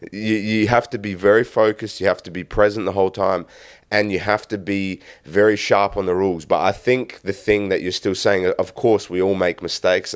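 Male podcast host, low voice, relaxed and chatty. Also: clear, resonant tone. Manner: relaxed, loose, says "man" constantly. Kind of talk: casual interview talk.

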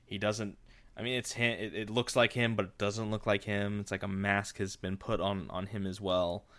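A man retells a story for his podcast in a loose, rambling way, stopping and restarting his sentences as he goes. His voice is low and smooth. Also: flat delivery, normal speed, a bit bright. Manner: rambling, with frequent fillers and restarts. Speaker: podcast host. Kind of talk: casual story recap.

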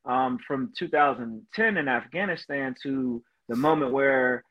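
A man's voice: medium pitch, a little slow, lo-fi sound. A man, a veteran, telling his personal story in an earnest, emotional way as a podcast guest, often saying "you know". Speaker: guest, Marine veteran and motivational speaker.

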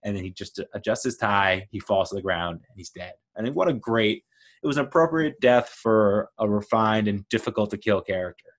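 Man, podcast host, low-ish voice, enthusiastic, rambling monologue. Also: a little fast. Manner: enthusiastic, rambling, lively storytelling.

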